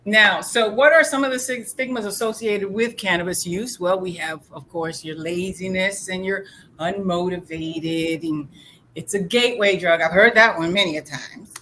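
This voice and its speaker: A woman giving a motivational talk as a guest speaker in an animated, storytelling way. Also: fairly low pitch, moderate pace, slight background noise.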